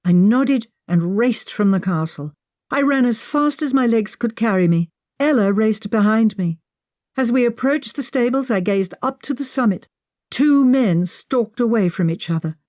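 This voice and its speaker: A woman narrating a historical mystery audiobook in the first person, measured and dramatic, on a close studio mic. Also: a little high, expressive, darkish tone, no echo.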